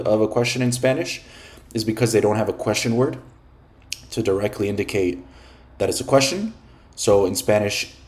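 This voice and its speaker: A man teaching beginner Spanish in English, patiently explaining words and grammar with the odd filler and throat clearing. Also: fairly low pitch. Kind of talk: explaining a listening exercise.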